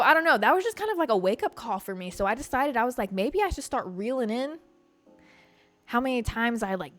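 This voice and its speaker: A young woman hosting a podcast, rambling frankly through a personal story, laughing often, and she says she is high. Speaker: podcast host. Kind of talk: casual confessional chat.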